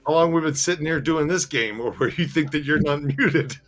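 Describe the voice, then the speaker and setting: A man's voice: a little high, a little fast, music in the background. A man hosting a casual podcast, laughing often and teasing his co-host while reading out viewer comments.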